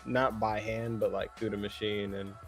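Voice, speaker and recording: Easygoing young man with a lowish voice. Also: moderate pace, gravelly, soft background music. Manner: relaxed, easygoing slang. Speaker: podcast guest. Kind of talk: casual chat.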